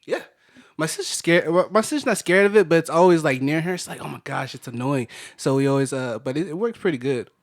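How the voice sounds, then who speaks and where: A man co-hosting a podcast, rambling excitedly and mimicking his family in high voices. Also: fast. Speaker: podcast co-host. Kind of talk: casual chat, storytelling.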